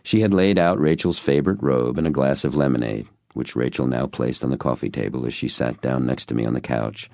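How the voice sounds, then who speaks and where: A man's voice: very deep voice, fairly quick, gravelly, hardly any pauses, darkish tone, no room sound, studio quality. A man narrating an audiobook in an earnest storytelling manner. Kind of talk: scripted narration.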